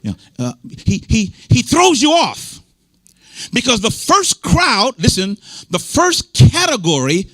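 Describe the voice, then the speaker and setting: Casting note: American man, bishop, high bright voice, preaching with emphatic repetition and asides to the congregation. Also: huge pitch swings, slow pace, no echo, studio quality. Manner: emphatic and repetitive, restating points and bantering with the congregation. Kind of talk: sermon. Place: church service. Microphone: microphone.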